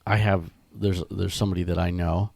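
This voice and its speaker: A man co-hosting a ministry podcast in casual chat, talking in loose, restarting sentences while his voice is rough from being sick. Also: low-pitched, little pitch movement, brisk, a little mellow, dry recording. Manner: rambling, many restarts and fillers. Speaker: podcast co-host.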